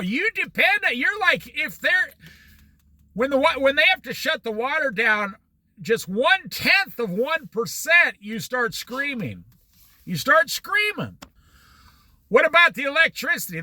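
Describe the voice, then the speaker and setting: A man with a high, very bright and sharp voice gives a motivational talk. His pitch swings widely as he tells homely examples. He drives each point home by repeating it. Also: dry recording. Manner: folksy, repeats points for emphasis. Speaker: speaker.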